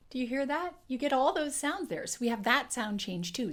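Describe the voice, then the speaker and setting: Clear, instructive female accent coach. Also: a little high, moderate pace, hardly any pauses, a little hiss or hum. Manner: clear, instructive, demonstrating sounds. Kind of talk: explanatory lesson.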